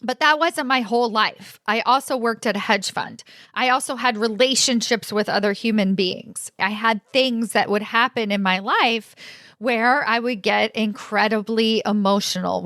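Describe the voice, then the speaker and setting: A woman in her forties telling a personal story to her audience, animated and expressive. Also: medium pitch, dry recording, studio quality. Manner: animated, expressive, laughs often. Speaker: career coach and host.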